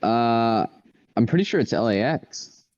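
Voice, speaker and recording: A man's voice: medium pitch, lively intonation, unhurried, a little mellow, muffled recording. An American man co-hosting a live game stream, hesitant and easygoing, answering in short replies. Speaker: co-host. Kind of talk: casual live stream chat.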